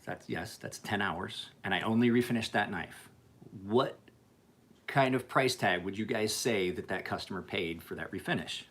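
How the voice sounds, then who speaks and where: A man's voice: fairly low pitch, normal speed, a bit bright. A man who sharpens and refinishes knives, chatting casually and profanely with viewers on a livestream. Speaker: knife sharpener.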